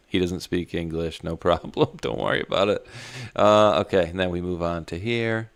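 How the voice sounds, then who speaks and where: A man's voice: sits low, steady tone, normal speed, few pauses, dry recording. A man co-hosting an online talk show in a laid-back, rambling, mocking way. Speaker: co-host. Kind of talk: casual chat.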